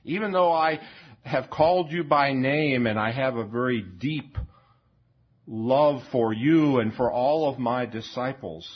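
Slow, husky-voiced male preacher. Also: medium pitch. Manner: slow, reflective, with frequent repeats and fillers. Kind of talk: sermon. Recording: dull lo-fi recording.

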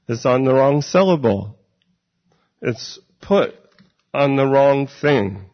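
A male preacher delivering a sermon at an unhurried, careful pace, weighing each phrase as he reads scripture and explains it. His voice sits at an ordinary middle pitch. The recording is dull and lo-fi, with the highs rolled off. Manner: measured and deliberate.

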